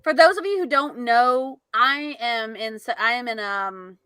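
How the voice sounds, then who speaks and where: A young woman co-hosting a casual podcast, chatty and quick to laugh, swearing offhandedly. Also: fairly high pitch, sharp tone, clear, resonant tone, no echo. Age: young adult. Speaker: podcast co-host. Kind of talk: casual live podcast chat.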